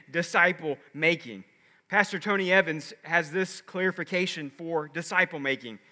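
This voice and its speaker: A man preaching from the pulpit with a high, bright voice that rings through a big sanctuary. He builds his points with emphatic rhetorical questions. Long reverb trails each phrase. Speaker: pastor. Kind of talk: sermon. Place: large church with a balcony.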